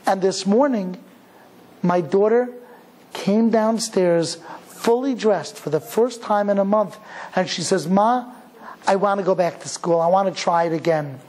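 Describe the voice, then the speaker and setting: A man's voice: high voice, measured pace, darkish tone, poor audio. A man voicing a heartbroken, pleading mother. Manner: tearful, emotional, pleading.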